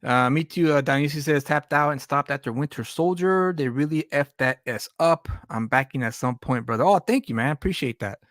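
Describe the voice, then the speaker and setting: A man's voice: fairly high pitch, a little fast, few pauses, a bit bright, no room sound, clean studio sound. A man hosting a casual live-stream chat, rambling and restarting his sentences with repeated words. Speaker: podcast host and comic creator.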